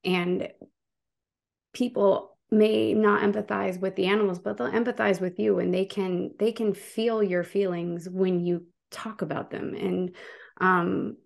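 A woman's voice: medium pitch, level tone, a little slow, creaky. A woman, a guest activist, talking passionately in a casual interview and telling stories with frequent restarts.

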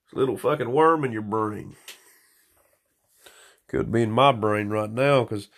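A man in a small room at home talking into a phone, rambling and swearing in a slightly hoarse stream of consciousness. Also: lowish voice, measured pace, pauses often. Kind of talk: rambling casual monologue.

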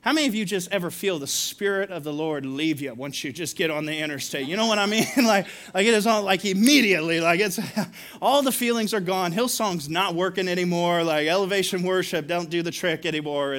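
A man's voice: sits high, fairly bright tone. A male pastor preaching a sermon, telling stories with laughs and asides to the congregation.

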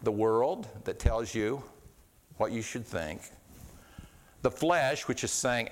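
A middle-aged man preaching a sermon in an earnest way, often repeating words and restarting, his voice swinging between quiet and raised. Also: a little high, animated, normal speed. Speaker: pastor.

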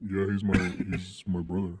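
A young man from Southern California, co-hosting a crude podcast in a halting, deadpan way and repeating words as he goes. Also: deep voice, slightly rough. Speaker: podcast co-host. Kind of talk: crude casual banter. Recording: long reverb.

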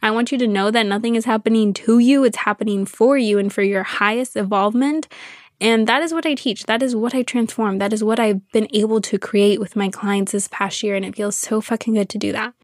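A woman's voice: a little high, fairly even intonation, a little fast, no room sound, studio quality. Earnest young woman podcasting alone. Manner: earnest, emotional, repeats words for emphasis. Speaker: podcast host and coach. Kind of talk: reflective solo podcast monologue.

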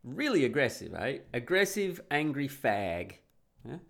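A man's voice: mid-range voice, big pitch swings, measured pace, vocal fry, a bit bright. Guy rambling through a travel story, swears a lot, chuckles along, medium voice. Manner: rambling, profane, laughs while telling. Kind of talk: casual anecdote.

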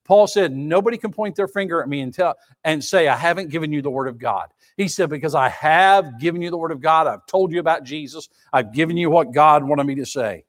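A man's voice: fairly high pitch, a little fast, few pauses. A male pastor preaching a sermon, emphatic and repetitive, asking the congregation rhetorical questions.

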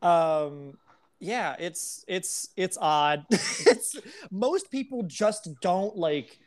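A woman's voice: on the low side, lively intonation, drawn-out words. A woman talking as a podcast guest in casual, candid chat, rambling with many fillers.

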